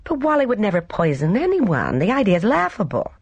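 A reader voicing an impulsive young married woman in a storybook reading, talking in quick exclamations. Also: medium pitch, wildly swooping pitch, breathy edge, dry recording, highs cut off, pitched above the performer's own voice, heavily acted. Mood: emotional. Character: young woman, emotional, loyal wife.

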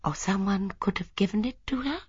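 Audiobook, woman doing an old lady sleuth, soft-spoken, polite, insistent, husky tone, slightly muffled. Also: mid-range voice, fairly quick, no echo, voice pushed up. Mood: hushed, shocked. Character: elderly woman sleuth, gentle, prim and stubborn.

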